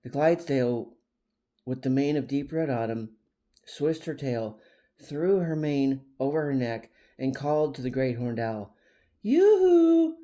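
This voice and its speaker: Mellow-voiced man reading a storybook. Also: medium pitch, unhurried. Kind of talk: storybook narration.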